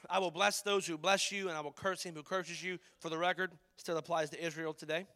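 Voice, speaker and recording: A man preaching a sermon as pastor, passionate, swinging between loud emphatic lines and hushed ones. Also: on the high side, steady tone, brisk.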